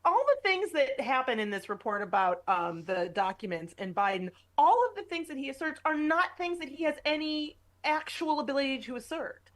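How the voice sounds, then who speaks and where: A woman's voice: high-pitched, sing-song, moderate pace, hardly any pauses, a bit bright. A woman commentator arguing indignantly on a political talk radio show. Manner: indignant, argumentative.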